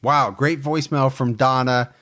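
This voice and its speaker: Man, podcast co-host, casual chat, mid-pitched voice, easygoing. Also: fairly even intonation, moderate pace, a bit bright. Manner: easygoing, laughs often.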